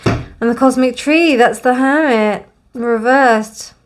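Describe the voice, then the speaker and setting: A young woman gives a casual, gently emotional tarot card reading in a warm, reassuring way. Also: fairly high pitch, slow. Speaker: tarot reader.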